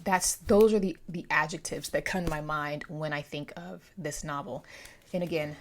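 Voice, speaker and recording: A woman's voice: sits low, steady tone, moderate pace, a little hiss or hum. A young woman in a casual chat about books, rambling and correcting herself as she goes. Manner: chatty, rambling, self-correcting. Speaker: book vlogger.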